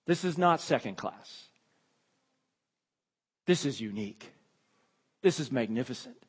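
A man's voice: mid-range voice, expressive, measured pace, husky, long reverb tail. A man preaching an expository sermon, emphatic and repeating key phrases, his voice rising when he exclaims.

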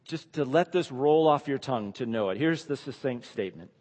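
Earnest preacher in a reverberant hall. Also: male voice, medium pitch, animated, fairly quick. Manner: earnest, emphatic, often drops to a quiet hush. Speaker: pastor. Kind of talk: sermon.

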